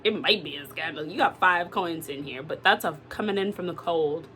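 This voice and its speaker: A woman doing a casual tarot reading to camera, animated and exclamatory, swearing freely. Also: low-pitched, normal speed, a little hiss or hum. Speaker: tarot reader.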